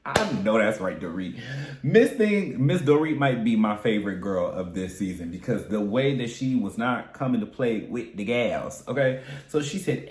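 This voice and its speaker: A man's voice: lively intonation, moderate pace. Sassy campy man in an echoey room. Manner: sassy, campy and profane, with big swoops in pitch. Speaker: reality TV recap vlogger. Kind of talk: casual commentary.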